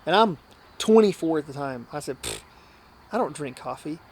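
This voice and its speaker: A man's voice: fairly high pitch, animated, moderate pace, creaky, a little mellow, slightly rough. A man who works as a hunting outfitter and guide, telling stories in a casual podcast interview. He talks earnestly and at length, often acting out what people said to him. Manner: earnest, talkative, often acts out quoted dialogue.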